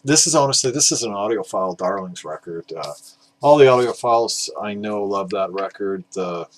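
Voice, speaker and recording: A man's voice: lowish voice, expressive, moderate pace, low-quality recording. A man talking casually about vinyl records in a rambling, hesitant way, with plenty of fillers and the odd swear word. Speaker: record collector vlogger.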